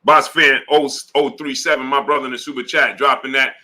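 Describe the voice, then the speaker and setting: A man hosting a casual boxing livestream, shouting out chat names and repeating his calls to action. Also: mid-range voice, flat delivery, fairly quick. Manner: repeats a call to subscribe.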